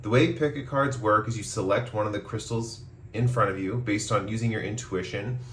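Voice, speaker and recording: A man with a hoarse voice after a cough, giving a relaxed, rambling tarot reading with many pauses and ums. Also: fairly low pitch, a little hiss or hum. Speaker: tarot reader. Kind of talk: casual pick-a-card tarot reading.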